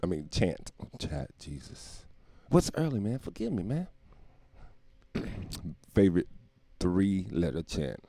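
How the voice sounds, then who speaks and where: A low, gravelly male voice that swings widely in pitch as he rambles through a profane, self-mocking comedy monologue. He laughs at his own jokes often. The recording is dry and close. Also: big pitch swings, takes it slowly, pauses often, dark tone, no room sound. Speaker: podcast host.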